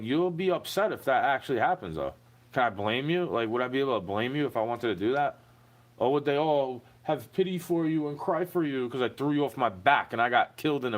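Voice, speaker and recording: A man in a recorded monologue, ranting with profanity and firing off rhetorical questions. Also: mid-range voice.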